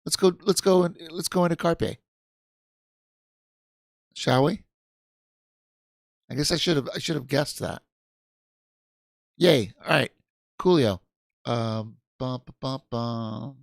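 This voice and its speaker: A man's voice: on the high side, animated, slow pace, vocal fry, pauses often, no echo, studio quality. A man hosting a casual livestream, rambling and restarting his sentences, tired and yawning. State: sleepy. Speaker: livestream host.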